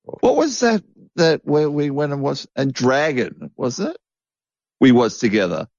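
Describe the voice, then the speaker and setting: A man's voice: on the high side, big pitch swings, measured pace, a little mellow, no echo, dull audio. A man co-hosting a casual chat, joking crudely and restarting his sentences often. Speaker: podcast co-host.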